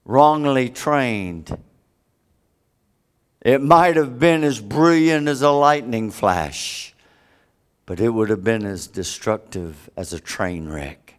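A man preaching a sermon, with big dramatic swings from loud high peaks to hushed low stretches. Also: expressive, takes it slowly, clean tone.

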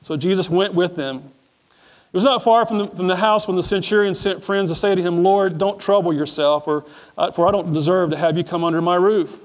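A middle-aged man preaches from the pulpit with a high voice. He reads scripture aloud, restarts his phrases, and keeps calling on the congregation to answer back. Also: a little fast. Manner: repeats words, calls for congregation responses. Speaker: pastor. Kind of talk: sermon with scripture reading and prayer. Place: church sanctuary before a congregation.

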